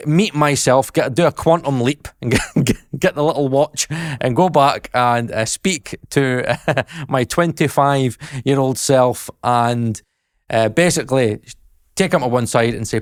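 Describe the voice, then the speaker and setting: A man's voice: medium pitch, measured pace, no echo, studio quality. A Scottish man in his thirties rambling self-deprecatingly in a casual vlog, laughing often. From Scotland. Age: 30s. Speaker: YouTuber and mixing engineer.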